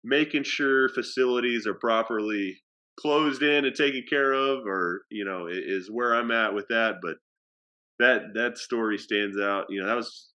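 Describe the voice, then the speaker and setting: A man telling a story in a casual podcast chat, his voice bright and forward. He rambles a bit, with plenty of fillers and restarts. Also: mid-range voice, measured pace, highs cut off. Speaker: athletic director.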